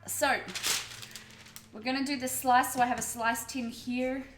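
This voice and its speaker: A chatty Australian woman runs a casual live cooking stream and talks with viewers as she works. Her voice rings in an echoey room. Music plays clearly behind her. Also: high-pitched, little pitch movement, measured pace. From Melbourne, Australia. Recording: roomy echo with music behind.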